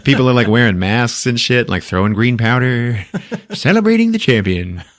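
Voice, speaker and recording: A man's voice: mid-range voice, sing-song, normal speed, no room sound, studio quality. A man hosting a podcast, recapping a movie in a casual, profane way with frequent laughter. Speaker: podcast host.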